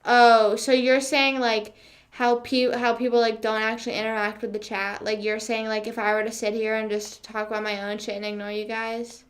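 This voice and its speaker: A young woman livestreamer chats casually with her live viewers, sarcastic and full of fillers and swearing. Her voice is on the high side, level in tone, at a normal speed.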